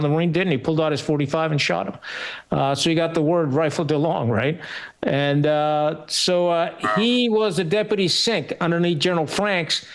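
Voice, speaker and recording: A man in his sixties, a retired officer, telling his story as a podcast guest in a blunt, salty way, with frequent pauses and fillers. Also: on the high side. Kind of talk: candid storytelling interview.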